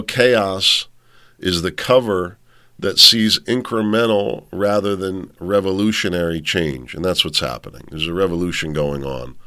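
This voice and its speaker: A man's voice: sits low, bright, forceful tone. A man hosting a commentary show, reading an article aloud and riffing on it in a rambling way. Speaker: podcast host. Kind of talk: political commentary monologue.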